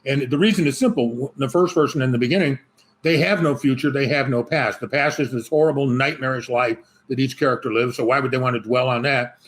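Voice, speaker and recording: A man's voice: medium pitch, fairly even intonation, quick pace. A man talking as an author guest in a casual interview, rambling and joking with many restarts. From Chicago.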